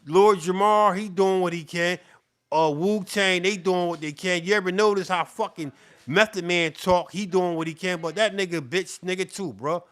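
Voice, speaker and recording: A middle-aged man delivers a heated, profane rant straight to camera, circling back to the same points again and again. His voice sits high, with a bright, forceful edge. He sounds worked up and sweating as he keeps pushing on. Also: normal speed. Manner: profane, repetitive, fired-up. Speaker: beatmaker.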